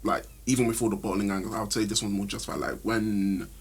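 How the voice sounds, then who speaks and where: A man's voice: fairly low pitch, steady tone, fast talker, creaky, slight background noise. A young man, a student guest on a podcast, talking reflectively and hesitantly with many fillers. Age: young adult. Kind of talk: casual chat.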